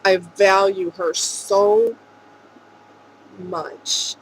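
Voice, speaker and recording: A woman speaking earnestly and emotionally in a rambling vlog monologue, with soft laughs. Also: lowish voice, a little hiss or hum, rough recording. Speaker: vlogger.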